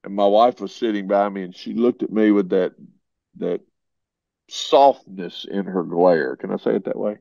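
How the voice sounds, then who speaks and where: A middle-aged man, a podcast guest, telling folksy stories in a conversational way and breaking into lively voices when he quotes people. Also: fairly low pitch, moderate pace, vocal fry, no echo. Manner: folksy, animated when quoting others. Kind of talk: conversational storytelling. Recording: dull, slightly lo-fi sound.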